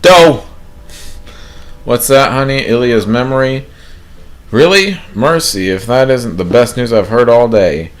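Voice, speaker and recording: A man voicing a warm, motherly middle-aged woman who runs a bar, in a Canadian accent, calling everyone honey. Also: mid-range voice, lively intonation, measured pace, long pauses, voice pushed up, natural voice. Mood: delighted. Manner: folksy, calls everyone honey.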